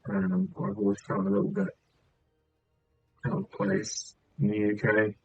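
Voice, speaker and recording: A southern English man streaming a game and rambling along, his gravelly, husky voice swinging up and down as he talks. The sound is thin and tinny, like it comes over a phone line. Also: on the low side, big pitch swings, a little slow, darkish tone, soft background music. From England. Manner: meandering, chatty, many filler sounds. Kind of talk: rambling casual chat while gaming.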